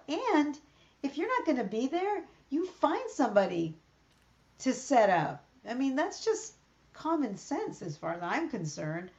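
A woman's voice: high voice, very animated, a little slow, darkish tone. A middle-aged woman co-hosting a podcast, telling everyday stories in casual chat and acting out what people said. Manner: chatty storyteller, acts out quoted exchanges. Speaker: podcast co-host. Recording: slightly dull lo-fi sound.

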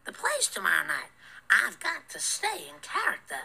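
A woman's voice: high-pitched, wildly swooping pitch, normal speed, creaky, bright, forceful tone, full character voice. A woman voicing a patient cartoon mother who puts on a clipped British stage manner to stay in character. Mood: prim, in character.

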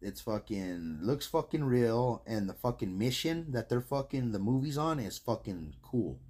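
A man from New co-hosting a casual podcast, laid-back and profane, trailing off into quiet asides. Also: mid-range voice, expressive, normal speed, slightly rough. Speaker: podcast co-host. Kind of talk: casual chat.

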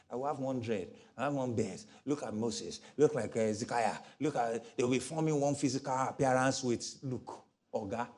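A middle-aged man preaching a sermon as pastor, animated, acting out voices from his stories. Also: mid-range voice. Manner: animated, mimics voices in stories, laughs often.

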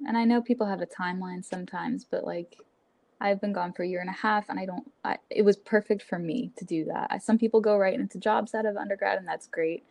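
A woman in her twenties, a graduate student, is a guest in a casual podcast interview, upbeat, laughing often and saying "like" a lot. Her medium-pitched voice is gravelly and darkish, with fairly even intonation and a quick pace, in a dry recording.

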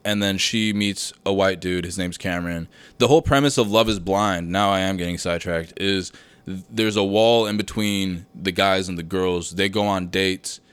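Deep and smooth, with a fairly bright tone and fairly even intonation, this young man's voice comes at a moderate pace in a dry recording. He's hosting a casual solo podcast from his home room setup, rambling, wandering off track, swearing freely and saying "dude" a lot.

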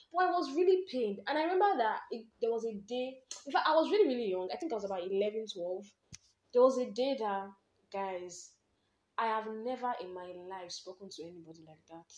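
A young Nigerian woman hosting a podcast, candidly telling personal stories with lively slang and laughter. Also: fairly high pitch, echoey room. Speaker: podcast host. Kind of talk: personal storytelling monologue.

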